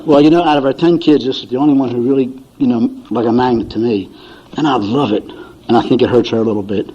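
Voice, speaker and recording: Speaking quickly in a warm, mid-range voice, an older man entertains a recovery meeting audience with folksy tales, chuckling as he mimics his family's voices. The audio is dull and lo-fi.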